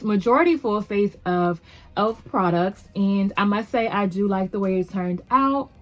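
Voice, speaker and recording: A beauty vlogger with a mid-range voice and normal speed hosts a casual makeup tutorial at home. She talks to the camera in a chatty, upbeat way, rambling a little with fillers.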